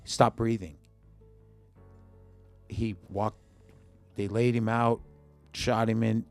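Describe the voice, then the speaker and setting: A man with a very deep, gravelly voice tells a personal story as a guest in a podcast studio. He talks in short bursts, acting out the lines of the people in his story, and his rough low tone sits close to a studio mic. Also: flat delivery, slow pace, a little mellow, faint music behind. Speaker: musician guest. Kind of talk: emotional personal storytelling in an interview.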